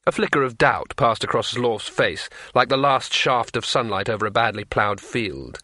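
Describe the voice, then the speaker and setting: A man reading a fantasy audiobook in a measured, unhurried way. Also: medium pitch, expressive, pushed and bright, dry recording, studio quality. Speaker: narrator.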